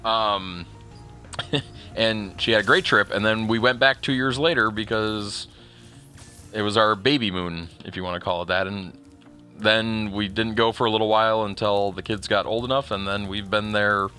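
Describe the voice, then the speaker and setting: A man's voice: lowish voice, moderate pace, sharp tone, soft background music. A male streamer chatting casually while playing, telling a rambling story full of restarts and chuckles. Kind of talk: casual chat while livestreaming a game.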